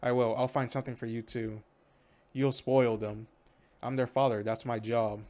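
A man voicing a doting father who is leaving home, speaking gently and reassuringly in his own voice. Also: mid-range voice, level tone, normal speed, close to an everyday voice. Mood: gentle.

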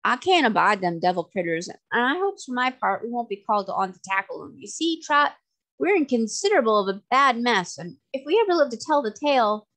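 A woman's voice: a little high, very animated, a little fast, a bit bright. A woman voicing an uneasy old sailor man who talks in a folksy way.

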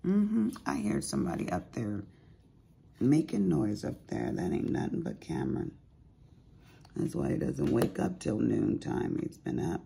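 Raspy, deep-voiced woman chatting slowly. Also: very animated, mellow, slight background noise. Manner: chatty, addresses viewers directly with asides. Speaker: diamond painting vlogger. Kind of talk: casual chat while crafting. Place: at home.

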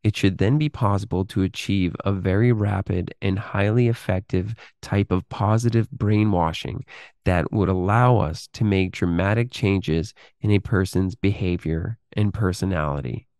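Deep-voiced man, dry close sound. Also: darkish tone, dry recording. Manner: deliberate reading, halting with fillers when speaking freely. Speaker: podcast host. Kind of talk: reading a text aloud with commentary.

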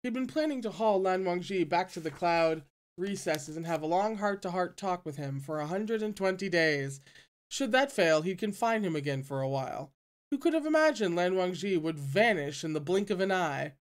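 A reader narrating a novel aloud in an even, steady way, with quiet asides between chapters. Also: mid-range voice, normal speed. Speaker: audiobook reader.

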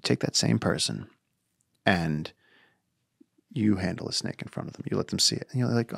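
A low-pitched man tells stories on a podcast, his gravelly voice sitting close and dry on the mic. He acts out the people in his stories with lively energy and swears casually. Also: moderate pace, pauses often, no echo. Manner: animated storyteller acting out quotes, swears casually. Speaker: podcast guest, wildlife conservationist. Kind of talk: casual storytelling chat.

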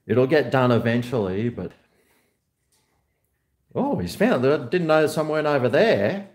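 A man chatting casually on a home vlog, talking to his dog in a high sing-song voice at times. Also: sing-song, a little slow, darkish tone, echoey room. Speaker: vlogger. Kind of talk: casual chat to camera. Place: at home near a garage.

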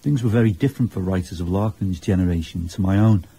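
Give me a man with a husky low voice narrating a radio documentary. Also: fast, mellow. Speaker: presenter.

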